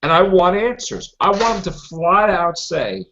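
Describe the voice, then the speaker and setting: A man's voice: high voice, very animated, unhurried, bright, forceful tone, a little hiss or hum. A man hosting a fan podcast, ranting with indignation and repeating himself as he complains. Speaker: podcast host. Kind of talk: heated fan podcast discussion. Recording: lo-fi podcast audio.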